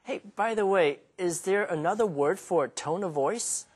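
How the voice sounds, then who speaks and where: A man's voice: high voice, a little slow, husky. A man playing a curious learner who asks questions in a scripted English lesson dialogue.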